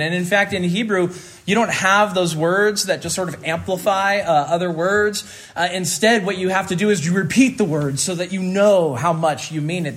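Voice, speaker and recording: A man preaching a sermon, teaching in a deliberate, emphatic way and slowing down on key phrases. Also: on the high side.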